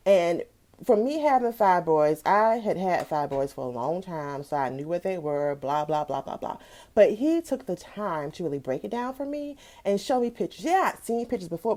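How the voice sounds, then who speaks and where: A woman's voice: lowish voice, darkish tone. A woman in her thirties from South Carolina telling a personal story on a live stream, greeting viewers by name as she goes. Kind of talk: casual testimonial talk.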